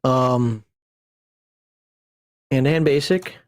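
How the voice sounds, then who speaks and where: A man's voice: medium pitch, very slow, dry recording, clean studio sound. A man hosting a casual livestream as a game master, talking in a rambling, digressive way and chuckling at himself as he builds a character. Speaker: game master and channel host.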